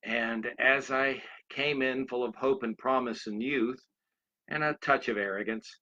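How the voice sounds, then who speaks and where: A man's voice: medium pitch, steady tone, measured pace, pushed and bright. A man in his sixties giving a motivational talk, rambling through anecdotes and speaking straight to his listeners. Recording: dull lo-fi recording.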